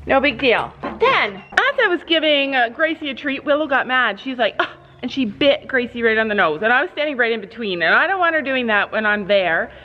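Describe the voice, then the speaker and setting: A woman's voice: a little high, lively intonation, a little fast, few pauses, soft background music. A middle-aged woman hosting a family vlog from a horse barn, telling a story dramatically and cooing at her horses between sentences. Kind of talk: casual chatty vlog storytelling. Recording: echoey, slightly dull, faint ambience.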